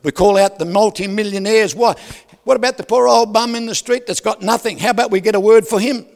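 Pastor guy preaching, high voice, lots of "can i have an amen", echoey church hall. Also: brisk, vocal fry. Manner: animated preaching with rhetorical questions, swinging from loud to soft. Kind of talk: sermon. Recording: reverberant hall.

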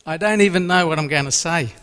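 Man, lay preacher, emotional testimony, somewhat high voice, long hall reverb. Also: fast, fairly bright tone, clear, resonant tone. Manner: earnest and emotional, repeats phrases. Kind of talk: personal faith testimony.

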